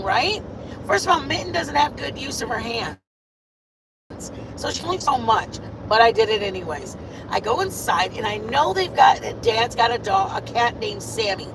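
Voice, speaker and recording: A woman streamer giving a casual, sassy rundown, chatting and rambling with fillers, recorded on a phone camera inside a moving car. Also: on the high side. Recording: loud car road noise.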